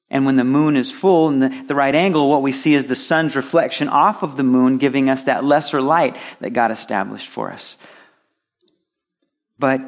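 A man preaching a sermon, swinging between emphatic loud stresses and soft drops. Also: medium pitch.

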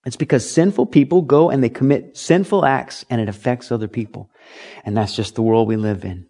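Man, middle-aged, pastor, lively sermon, storytelling delivery. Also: mid-range voice, fairly quick. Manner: animated preaching, acts out voices in quotes.

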